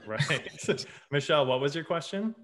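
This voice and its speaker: A man's voice: fairly high pitch, unhurried, fairly bright tone. A man hosting a casual panel chat on a video call, upbeat and enthusiastic. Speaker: panel host.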